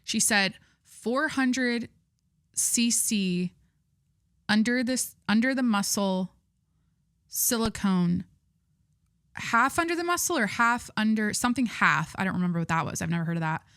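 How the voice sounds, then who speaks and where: A woman's voice: mid-range voice, animated, a little slow, long pauses, fairly bright tone, no room sound, studio quality. A young adult woman hosting her podcast, chatting in a rambling, candid way with lots of fillers and restarts, gushing and swearing casually. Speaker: podcast host. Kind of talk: casual chat.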